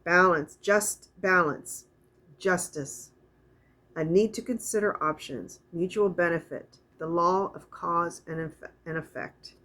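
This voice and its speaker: A middle-aged woman giving a casual spiritual oracle card reading, talking in a soft, meandering way and reading card texts aloud slowly. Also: fairly low pitch, fairly even intonation.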